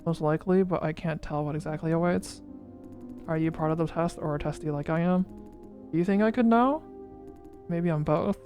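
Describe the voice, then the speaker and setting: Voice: medium pitch, level tone, a little fast, dark tone, faint music behind. A game streamer reading a story game's dialogue aloud during a playthrough, giving each character's lines their own emphasis. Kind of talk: voicing visual novel dialogue in a playthrough.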